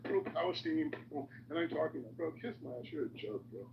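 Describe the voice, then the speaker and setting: A man's voice: a little high, expressive, fast, creaky, roomy sound, distant mic, lo-fi sound, noisy background. A man in a heated online debate, taunting and repeating insults over and over. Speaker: guest debater.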